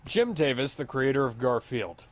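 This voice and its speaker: A man's voice: mid-range voice, sing-song, normal speed. A man chatting casually over a video game playthrough, rambling and laughing at his own jokes. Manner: giggly, rambling and joking. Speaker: game commentator. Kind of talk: casual let's-play chat.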